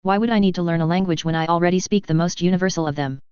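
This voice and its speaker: Hulking female Krogan brawler, boastful, blunt, very smooth voice, read by a narrator. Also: mid-range voice, racing, darkish tone, no echo, muffled recording, natural voice. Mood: gruff. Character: hulking proud female Krogan warrior, brutish.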